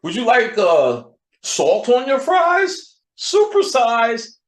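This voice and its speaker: A man voicing an overeager fast-food worker in a high, sugary, sing-song customer-service voice. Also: wildly swooping pitch, roomy sound, heavily acted. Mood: fawning.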